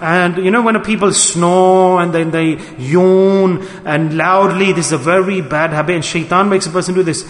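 A man giving a sermon, animated and acting out the voices he quotes. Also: high voice, moderate pace, hardly any pauses. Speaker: preacher. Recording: echoey hall.

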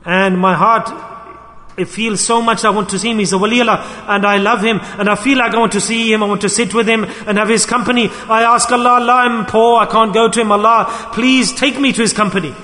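A man voicing a poor, devout host who speaks softly and bashfully, in a sermon story. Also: sits high, steady tone, a little fast. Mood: longing. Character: poor humble male host, devout and shy. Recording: echoey hall.

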